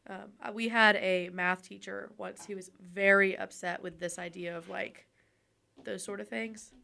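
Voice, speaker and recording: A woman's voice: mid-range voice, fairly even intonation, unhurried, creaky, bright, forceful tone. A young woman co-hosting a podcast in casual chat, asking questions and laughing easily. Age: young adult. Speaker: podcast co-host.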